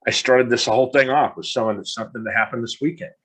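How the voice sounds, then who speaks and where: A man's voice: mid-range voice, quick pace, a bit bright, breathy edge. A middle-aged man hosting a podcast, talking bluntly in a frustrated monologue and swearing casually. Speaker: podcast host.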